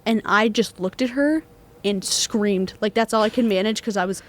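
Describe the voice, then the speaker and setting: A woman's voice: mid-range voice, moderate pace. A young woman, co-hosting a student podcast and telling a ghost story in casual chat, full of fillers. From Texas. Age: young adult. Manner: animated storyteller, many fillers, acts out quoted voices.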